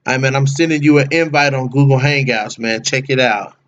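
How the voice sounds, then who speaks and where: A man's voice: medium pitch, fairly even intonation, brisk, fairly bright tone, dull audio, a little hiss or hum. A man hosting a casual livestream, chatting with viewers by name in slangy, laid-back talk. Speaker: livestream host.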